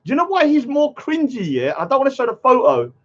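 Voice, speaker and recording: A man's voice: very high voice, huge pitch swings, quick pace, fairly bright tone, lo-fi sound. A man ranting heatedly on a live stream, swearing and asking yeah after many lines. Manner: heated, swearing, keeps saying yeah and let me say something.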